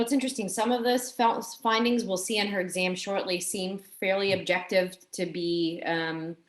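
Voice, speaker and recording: A woman with a fairly low voice works through a clinical case, pausing with plenty of fillers. Her voice carries a roomy echo. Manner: hesitant, with many fillers. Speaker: discussant. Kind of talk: thinking aloud in a case discussion.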